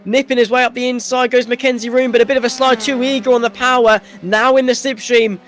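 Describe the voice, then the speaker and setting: High-voiced excitable race caller. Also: male voice, fast. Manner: excitable play-by-play calling. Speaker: race co-commentator. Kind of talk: sim racing commentary.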